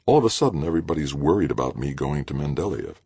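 A man voicing a stubborn, quick-tempered young woman astronomer in an audiobook, indignant and defiant. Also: lively intonation, dark tone, husky, no room sound, exaggerated voice. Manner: indignant, defiant, rising to shrill outbursts. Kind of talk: audiobook character voice.

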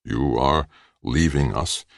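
A man's voice: a bass voice, takes it slowly, gravelly, dry recording, clean studio sound, full character voice. A man voicing a timid worried alien villager. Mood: anxious.

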